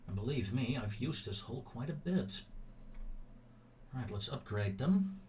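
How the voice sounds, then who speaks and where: A man's voice: mid-range voice, animated, measured pace, darkish tone, far from the mic, a little hiss or hum. A man commentating a naval strategy game, issuing clipped commands to his ships and grumbling when things go wrong. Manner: talks to his ships in clipped commands, growing openly annoyed.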